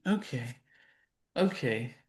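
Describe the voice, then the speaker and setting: A man hosting a casual interview, relaxed and checking dates and details. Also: medium pitch, slow. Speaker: interview host.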